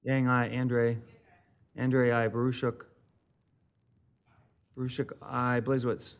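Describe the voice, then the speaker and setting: Flat-voiced man calling the roll. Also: medium pitch, takes it slowly. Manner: repetitive, businesslike. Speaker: clerk. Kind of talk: calling a roll call vote.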